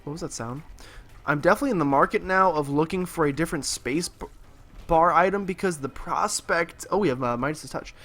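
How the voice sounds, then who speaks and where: Young male let's play host, somewhat high voice, slightly husky, sarcastic and rambling. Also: brisk, a bit bright. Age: young adult. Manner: rambling, sarcastic, filler-heavy. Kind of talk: gameplay commentary.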